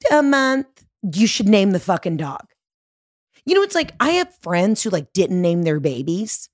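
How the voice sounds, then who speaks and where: A woman's voice: lowish voice, sing-song, moderate pace, a little mellow, dry recording, clean studio sound. A woman hosting a podcast in a casual, comedic monologue that is profane, rambling and sarcastic. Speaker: podcast host.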